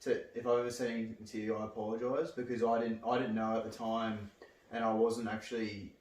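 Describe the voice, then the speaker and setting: A young man hosting a casual chat, speaking earnestly and haltingly with many restarts. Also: lowish voice, level tone, a little mellow. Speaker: podcast host. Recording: echoey room, distant mic.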